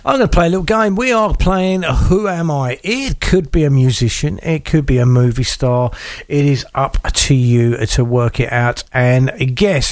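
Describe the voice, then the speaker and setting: A man with a croaky voice, hosting a radio show in upbeat, chatty talk aimed straight at his listeners. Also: a little high, no echo, studio quality. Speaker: radio host. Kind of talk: casual radio chat.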